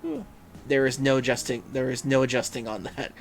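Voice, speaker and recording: A man's voice: medium pitch, fairly even intonation, a little fast, gravelly, a little hiss or hum. A man hosting a livestream in casual chat, reading viewers' messages aloud and musing with frequent hums and fillers. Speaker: livestream host.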